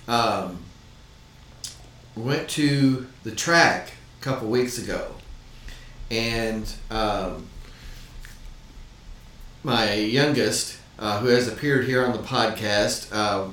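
Halting man in a very echoey room. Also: fairly low pitch, a bit bright. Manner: halting, searching for words. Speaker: podcast co-host. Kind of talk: casual chat. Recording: very echoey room, distant mic.

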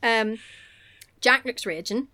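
A woman's voice: a little high, takes it slowly. A woman, chatting casually and comically on a podcast, swearing freely and acting out characters. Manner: animated, sweary, acts out characters in exaggerated voices. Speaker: podcast co-host recapping a film. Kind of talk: casual comedic chat.

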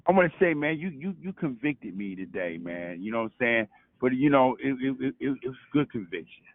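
A man's voice: medium pitch, big pitch swings, a little fast, no echo. Brooklyn-man calling in by phone. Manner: stammering restarts, keeps saying "you know what I'm saying". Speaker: caller. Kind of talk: casual testimony on a call. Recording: dry tinny phone line.

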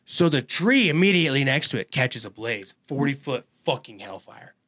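A man telling a wild story in casual chat, profane and animated, swearing freely. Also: medium pitch, normal speed. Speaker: podcast guest.

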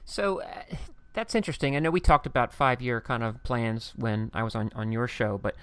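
A man's voice: medium pitch, moderate pace, a bit bright, smooth, dry recording. A man hosting a podcast interview, effusive, asking long run-on questions. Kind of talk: casual interview chat.

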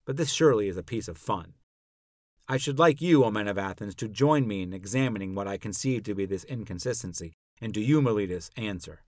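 A man's voice: fairly low pitch, lively intonation, brisk, dry recording, clean studio sound, lightly acted. A man reading as an old philosopher cross-examining his accuser. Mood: probing, indignant. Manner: rhetorical, questioning, pointed. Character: elderly male philosopher on trial, probing and ironic. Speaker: podcast narrator. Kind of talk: dramatic reading of a classical dialogue.

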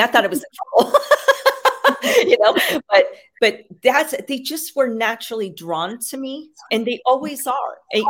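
A woman guest, an animal communicator and medium, telling stories in a rambling, casual way with frequent fillers. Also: on the high side. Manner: rambling, filler-heavy, frequent "you know". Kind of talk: casual storytelling interview.

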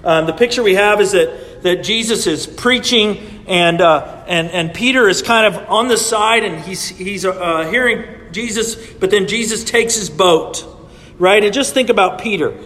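High-voiced man preaching in an echoing church. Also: measured pace, bright, forceful tone. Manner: conversational preaching with frequent "right?" asides. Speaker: pastor. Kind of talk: sermon. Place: church sanctuary.

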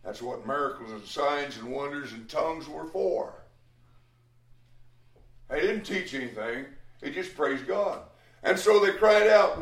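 A man's voice: a little high, expressive, measured pace, a bit bright. A man preaching a sermon, emphatic, acting out the quoted speech of others and sometimes restarting a phrase. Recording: echoey room.

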